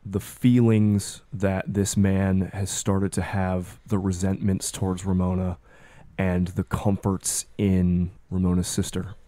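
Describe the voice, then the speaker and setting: Deep flat-voiced man narrating a game. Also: no echo. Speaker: game master. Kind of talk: narrating a tabletop horror game.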